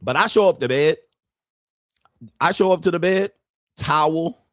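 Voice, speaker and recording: A man hosting a commentary channel, telling jokey stories in a loud, profane, animated way. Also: fairly high pitch, a little slow, no echo, clean studio sound. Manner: profane, joking, animated storytelling. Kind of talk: casual commentary.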